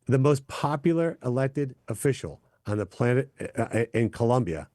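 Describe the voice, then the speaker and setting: A man answering as a senator in a political interview, confident and forceful, repeating points for emphasis. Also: medium pitch, very animated, normal speed, no room sound, clean studio sound.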